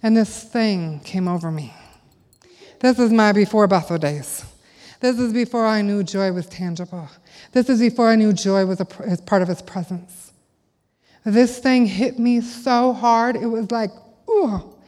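A middle-aged woman preaching a sermon, telling a family story animatedly and acting out the voices of her children. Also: unhurried. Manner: animated, acts out quotes in a high child voice. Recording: long reverb of a large hall.

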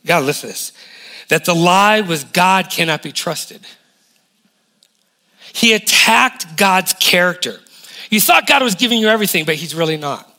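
A man in his forties preaching a lively sermon as a guest pastor, emphatic and full of rhetorical questions. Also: high voice, normal speed, long pauses. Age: 40s.

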